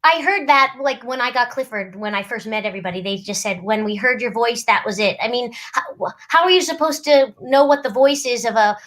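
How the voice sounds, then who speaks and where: A middle-aged woman with a somewhat high voice talks in an easy, animated way. She chats casually, laughs readily and slips into little character voices mid-sentence. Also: fairly quick. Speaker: voice actress and lawyer. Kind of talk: casual chat.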